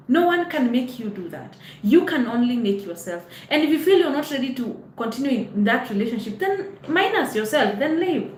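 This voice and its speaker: A woman's voice: on the high side, lively intonation, a little fast, hardly any pauses, slight background noise. Encouraging woman in a roomy echo. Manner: earnest, encouraging, mixes in Swahili phrases. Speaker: host and life coach. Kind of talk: live stream chat answering viewer comments.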